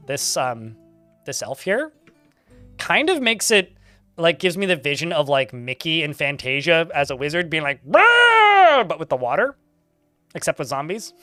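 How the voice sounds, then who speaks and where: A man's voice: on the high side, animated, normal speed, fairly bright tone, no echo, faint music behind. A man giving casual, chatty commentary while playing a game, laughing often and swearing offhand.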